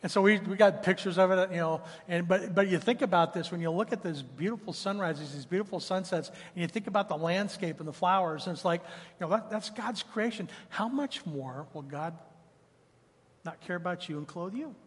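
A man in his fifties delivers a sermon with a high-pitched, husky voice. He moves between scripture and chatty personal stories. His words ring out with the long reverb of a church hall. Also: fairly quick. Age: 50s. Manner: conversational preaching mixed with personal stories. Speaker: pastor. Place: church sanctuary.

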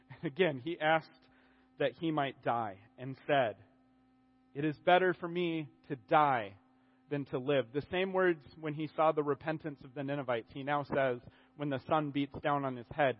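A man preaching a sermon in a conversational, animated way, often restarting his sentences. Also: a little high, highs cut off.

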